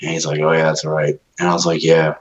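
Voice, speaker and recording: Profane rambling man, very low voice. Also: completely flat delivery, quick pace, muffled recording. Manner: profane rambling storytelling, acts out quoted voices. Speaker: podcast co-host. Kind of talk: casual chat.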